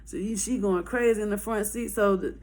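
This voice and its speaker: A woman telling a wild story to her viewers in casual slang, animated, profane and laughing. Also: medium pitch, fairly quick.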